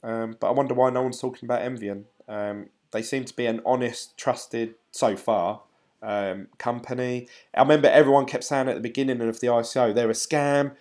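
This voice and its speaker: A man's voice: mid-range voice, fairly even intonation, a little fast, a little mellow. A middle-aged man hosting a casual live stream. He rambles in a chatty way and reads out viewer comments. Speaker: crypto YouTuber, live-stream host.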